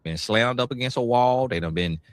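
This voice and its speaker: A man's voice: mid-range voice, brisk, dry recording. Preachy, scornful male commentator. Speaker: commentator in a played clip.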